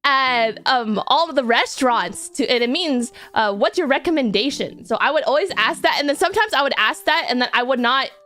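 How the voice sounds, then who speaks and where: Young woman streamer, bright and lively, chatty and self-mocking, soft music bed. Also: high-pitched, a little fast, hardly any pauses. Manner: giggly, rambling, self-deprecating. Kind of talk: casual stream chat. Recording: faint music behind.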